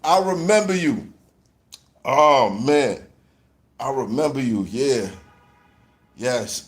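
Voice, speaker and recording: A man telling a mocking story in a loud, animated way, laughing often and shouting at times. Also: medium pitch, takes it slowly, long pauses. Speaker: host. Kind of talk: casual storytelling rant.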